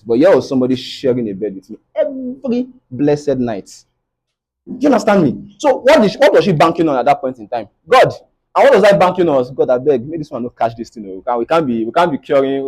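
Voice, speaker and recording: His mid-range voice is darkish and husky, heard through poor audio. He's a young motivational speaker from Nigeria with a Nigerian English accent, delivering a preacherly, faith-based talk to a live audience and frequently checking in with "right?".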